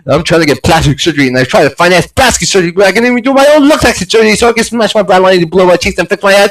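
High, nasal man in a frantic rant. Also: sing-song, quick pace, slight background noise, poor audio. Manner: frantic ranting, swinging between mutters and shouted, sobbing outbursts. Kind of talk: unscripted rant monologue.

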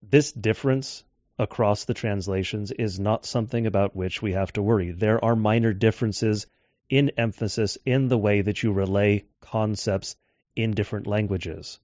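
A man giving a measured lecture on scripture translation, slowing down to quote texts. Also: fairly low pitch, fairly even intonation, darkish tone, dry recording. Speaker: Bible teacher. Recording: dull dry lo-fi audio.

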